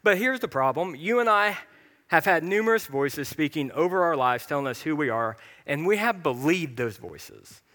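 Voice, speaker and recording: A young pastor preaches in a church hall, chatty and self-deprecating, breaking into sudden emphatic bursts. His voice is fairly high, expressive, bright and forceful at a moderate pace, with long reverb from the hall.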